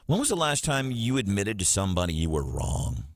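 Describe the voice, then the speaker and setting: Male radio host, chatty and expressive, lively pitch, dry close sound. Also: a little fast, no echo. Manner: chatty, animated, laughs often. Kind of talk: morning radio talk. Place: radio studio.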